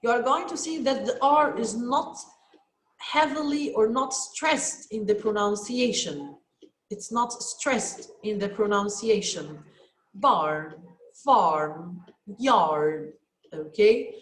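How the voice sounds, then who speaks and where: A woman's voice: fairly high pitch, unhurried. A woman with an Egyptian Arabic accent teaching a children's English lesson online, patient, repeating each word for her students. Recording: echoey room.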